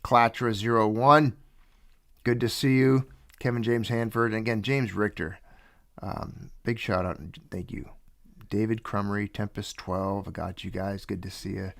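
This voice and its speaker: A man's voice: on the low side, steady tone, a little slow, creaky, a bit bright. A man hosting a livestream, chatting casually and greeting viewers one by one. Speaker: livestream host. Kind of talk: casual chat with live viewers.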